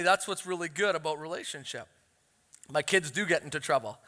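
A man delivers a sermon in a large hall, his bright, high-set voice ringing with a long reverb. He tells stories with energy and voices the people he quotes. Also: fast talker. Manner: animated storytelling, acts out quotes. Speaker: pastor.

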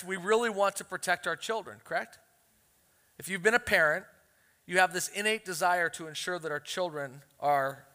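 A man preaching a sermon as a pastor, telling family stories in an animated way and acting out the quotes. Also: on the high side. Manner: animated storytelling, acts out quotes. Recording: long hall reverb.

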